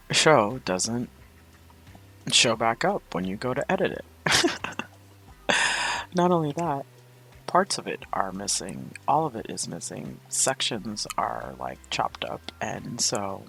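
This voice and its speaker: A woman's voice: a bass voice, a bit bright. A woman hosting a spiritual coaching podcast, talking in a candid, chatty, confessional way. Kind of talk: casual spiritual podcast monologue.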